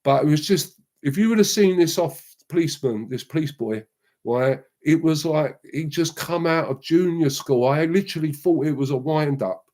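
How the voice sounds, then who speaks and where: Slangy middle-aged bloke telling stories. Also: male voice, a little high, moderate pace. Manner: rambling, slangy, lively anecdotes. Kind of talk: casual storytelling chat.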